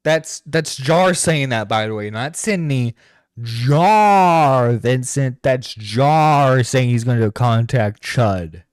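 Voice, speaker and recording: A man's voice: medium pitch, lively intonation, slow pace, clear, resonant tone, no echo, clean studio sound. A man streaming a reaction to a video, swearing and exasperated, stumbling over his words. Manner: profane, exasperated, stammering. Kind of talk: reaction commentary. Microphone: close streaming mic.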